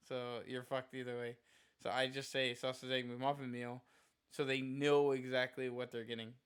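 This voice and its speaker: Bright, crisp-voiced male streamer ranting. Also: medium pitch, little pitch movement, normal speed. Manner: rambling, profane, heavy on "like" fillers. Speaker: live streamer. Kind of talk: casual storytelling rant.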